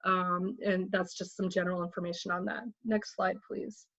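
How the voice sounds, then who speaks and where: A woman moderating a webinar, speaking in an even, measured way with some fillers before handing off to the next speaker. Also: fairly low pitch, no echo. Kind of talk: webinar presentation. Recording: dry, dull lo-fi audio.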